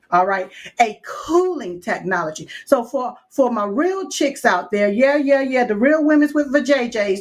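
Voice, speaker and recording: A woman hosting a live-stream chat show, talking in a sassy, folksy way with lots of call-outs and asides. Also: fairly high pitch. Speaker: show host.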